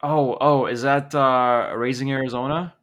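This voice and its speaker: A man co-hosting a casual podcast, guessing movie quotes in a relaxed way. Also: mid-range voice, measured pace. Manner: laid-back, laughs often, swears casually. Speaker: podcast co-host.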